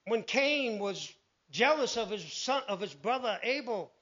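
A man preaching a sermon, animated, telling Bible stories and acting out the voices in them. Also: sits high, measured pace. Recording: dull lo-fi recording.

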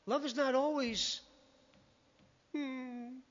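A man's voice: very high-pitched, steady tone, very slow, a bit bright. A man preaching a sermon in a conversational, emphatic way, often quoting scripture. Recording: muffled lo-fi recording.

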